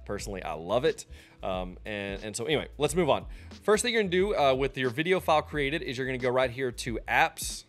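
A man talking through a software tutorial in a casual, loose way, often pausing with ums and restarting his sentences. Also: medium pitch, very animated, faint music behind. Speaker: streamer teaching a software tutorial. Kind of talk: casual screen-recorded tutorial.

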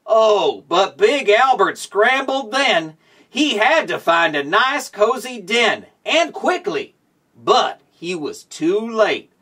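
A man hosting a show and reading a children's storybook aloud in a slow, expressive storytelling way. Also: high-pitched, husky, recorded from a distance. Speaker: show host.

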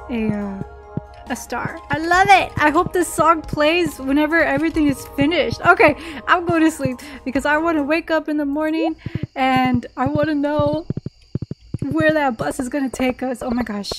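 Aufgeregte Frau mit hoher Stimme. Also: female voice, sits high, rough recording. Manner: excitable, gasping and giggling often. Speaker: gaming channel host. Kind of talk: casual gameplay commentary. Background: soft game music.

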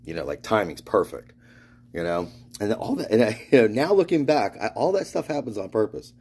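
A man from Florida talks in a loose, meandering monologue, drifting between restarts and trailing thoughts. His voice sits low with a mellow, soft-edged tone. He swears freely and laughs through his own stories. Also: sing-song, a little fast, slightly rough. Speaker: spiritual vlogger. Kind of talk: rambling monologue.

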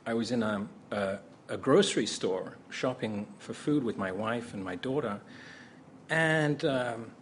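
A man's voice: medium pitch, a little slow. A man telling a funny anecdote on stage to a convention crowd, stammering and acting out the people he quotes. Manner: animated storyteller, stammers and acts out quotes. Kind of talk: live storytelling to a convention crowd. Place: large convention hall with a live audience. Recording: crowd and noise in a big hall. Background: crowd laughter and ambient noise.

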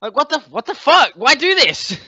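A young man trades crude, profane jokes in loose podcast banter. His bright, animated voice leaps around in pitch. The sound is dry and dull, a lo-fi home recording. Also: normal speed, no echo. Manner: crude, profane, jokey outbursts. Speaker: podcast co-host.

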